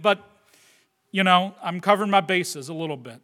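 A man preaching a sermon with earnest delivery, moving from loud, stressed phrases to quiet asides and often turning to the listeners with questions like "right?". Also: sits high, moderate pace, long pauses. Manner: addresses the listeners directly with tag questions. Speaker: pastor.

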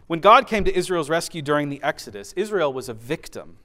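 A man preaching a sermon, swinging from loud declarations down to hushed, soft emphasis, with rhythmic repeated phrases. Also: a little high, sing-song, a little fast. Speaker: pastor.

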